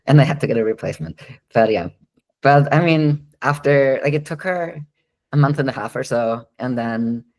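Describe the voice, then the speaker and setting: A dog trainer answering questions in a live online Q&A. The man speaks at an ordinary medium pitch in a casual, explanatory way, with frequent ums and light laughs between thoughts. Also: darkish tone, rough recording.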